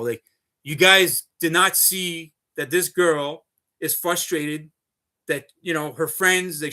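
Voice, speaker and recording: Guy ranting on a livestream, high bright voice, swears a lot, rambles and keeps saying folks. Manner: profane, rambling, repeats himself, keeps addressing viewers as folks. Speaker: live streamer. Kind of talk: unscripted ranting monologue.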